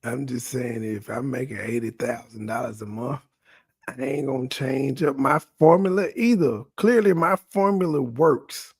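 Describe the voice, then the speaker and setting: A man's voice: medium pitch, moderate pace, breathy edge, no echo, studio quality. A man in an online voice chat, arguing bluntly and sarcastically as he reasons things out. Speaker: chat participant. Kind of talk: casual argumentative chat.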